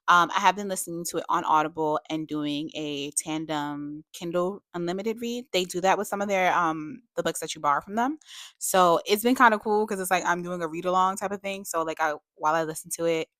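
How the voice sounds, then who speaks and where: A woman's voice: on the low side, sharp tone, no room sound, studio quality. A young adult woman giving a casual book review vlog, chatty and full of "like" and "you know", breaking into emphatic rants. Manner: frequent fillers like "like" and "you know".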